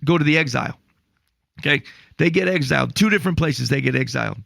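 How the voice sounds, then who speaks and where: Male podcast co-host, gravelly and mid-range, dry booth sound; animated storyteller with exasperated asides. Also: fairly high pitch, fast talker, no echo. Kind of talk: casual podcast chat on faith.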